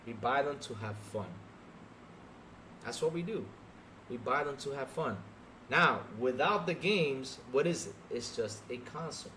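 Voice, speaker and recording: A young adult man hosting a live podcast stream, talking straight to his chat in an animated, repetitive way. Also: on the high side, a little hiss or hum. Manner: animated, talks straight to chat, repeats himself. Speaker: podcast host.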